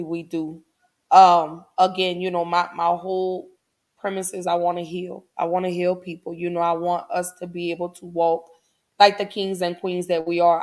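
A woman hosting her podcast, talking warmly and encouragingly to her listeners in a casual, heartfelt way. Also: on the low side. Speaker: podcast host. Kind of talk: casual affirming talk to listeners.

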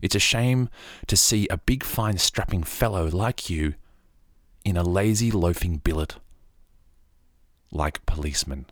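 A man with an Australian accent voicing a bold young male outlaw in his own voice, a little higher and louder. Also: unhurried, no room sound, studio quality. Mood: bold, scornful.

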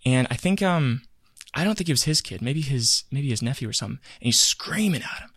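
A man with a mid-range voice talks a little fast while co-hosting a podcast, telling an animated story in casual conversation and acting out the quotes. The sound is clean studio audio with no room sound.

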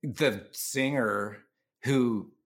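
A man's voice: mid-range voice, very slow. A man, a band member, telling road stories casually on a podcast, laughing often and swearing freely. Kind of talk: casual storytelling.

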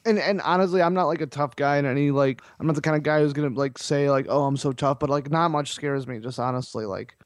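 Rambling, somewhat high-voiced male storyteller. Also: fast, hardly any pauses, dry recording, studio quality. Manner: rambling, filler-heavy, animated retelling. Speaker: podcast guest. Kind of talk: casual storytelling.

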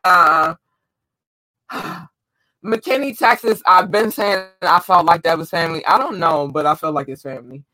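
An excitable man speaks in a high, bright voice, full of warm, gushing energy. He talks slowly and often trips over unfamiliar names. The sound is close and dry, with no room around it. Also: dry recording, low-quality recording. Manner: excited, effusive, stumbles over place names. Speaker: host shouting out listeners. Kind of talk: casual chat.

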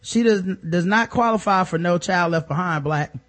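A man's voice: high voice, moderate pace. Sarcastic man hosting a podcast. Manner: sarcastic, deadpan joking. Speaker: podcast co-host. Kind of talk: casual comedic news commentary.

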